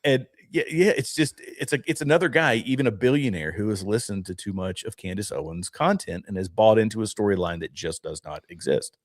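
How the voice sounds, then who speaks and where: A man's voice: fairly low pitch, expressive, a little fast, few pauses, no room sound, studio quality. A man co-hosting a podcast, talking in a rambling, dismissive way. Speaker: podcast co-host. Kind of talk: casual podcast chat.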